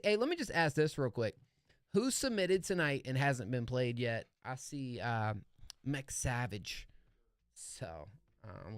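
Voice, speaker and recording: A man's voice: medium pitch, vocal fry, no room sound. A man hosting a live music review stream, chatting casually and enthusiastically with lots of slang, fillers and restarts. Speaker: livestream music review host.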